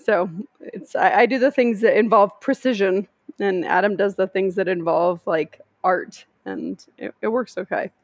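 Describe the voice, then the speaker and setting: A woman's voice: medium pitch, moderate pace, dry recording. A woman talking casually on a podcast, chatty and full of "likes" and restarts. Her voice sounds dry and close, with no room around it. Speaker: podcast co-host. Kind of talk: casual chat.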